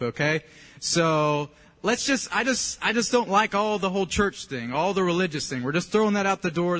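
A man preaches in an easygoing, joking way, often checking in with his listeners. His voice sits fairly high. A long reverb trails his words through the church hall. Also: fairly bright tone. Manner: joking, conversational preaching with frequent check-ins. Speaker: pastor. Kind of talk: sermon.

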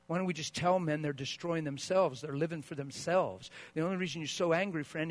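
A man preaching a sermon as a pastor, swinging from quiet asides to loud, driving peaks. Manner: mocks sentimental sympathy with a high, wailing put-on voice.

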